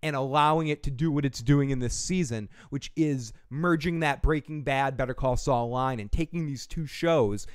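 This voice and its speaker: A man hosting a podcast review livestream, rambling and excitable, swearing casually and answering chat comments. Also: mid-range voice, moderate pace, few pauses, clear, resonant tone, no echo, studio quality. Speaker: podcast host reviewing a TV episode.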